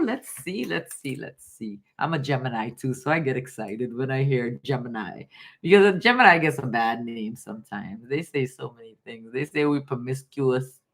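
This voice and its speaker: Woman tarot reader on a live stream, from Guyana, lower voice, calls everyone darling. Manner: warm, affectionate, calls viewers baby and darling. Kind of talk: casual live tarot reading.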